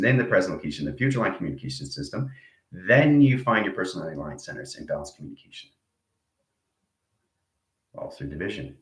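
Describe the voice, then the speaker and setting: A man's voice: on the low side, fairly bright tone, reverberant, poor audio. A man giving a rambling spiritual lecture, repeating abstract jargon and checking in with his listeners. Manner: acts out arguing inner voices. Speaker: self-styled spiritual teacher.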